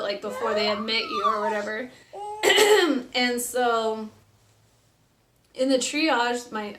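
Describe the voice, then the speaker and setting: A woman's voice: fairly high pitch, fairly bright tone. A young woman casually telling a personal story, chatty and full of "like", acting out what people said. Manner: chatty, lots of "like", acts out quotes. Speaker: vlogger telling her birth story. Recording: echoey room with faint noise.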